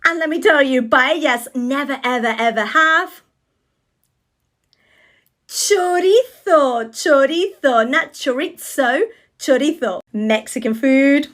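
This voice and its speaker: A woman with a high voice takes her time over each word, repeating it slowly and firmly. She corrects mistakes in a playful, emphatic way, as if teaching in a short video. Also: lively intonation, fairly bright tone. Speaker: Spanish teacher. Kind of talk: short-video pronunciation lesson.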